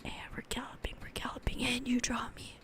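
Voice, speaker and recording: A woman's voice: a little high, flat delivery, fairly quick, lightly acted. A woman voicing an ancient, bloodthirsty talking sword, gleefully gloating over each kill in a whispered role-play.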